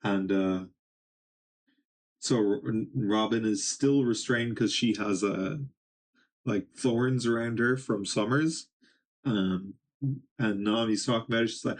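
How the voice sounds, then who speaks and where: A man's voice: fairly low pitch, slow pace, long pauses. A young man casually reading and recapping a comic, rambling with many ums and little laughs. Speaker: manga reaction streamer.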